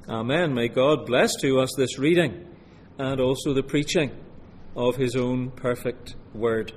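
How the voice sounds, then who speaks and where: Male preacher from Scotland, earnest and slow, slightly high voice, reverberant hall. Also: slight background noise. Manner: measured, earnest preaching with slow deliberate scripture reading. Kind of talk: sermon. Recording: long hall reverb, faint room ambience.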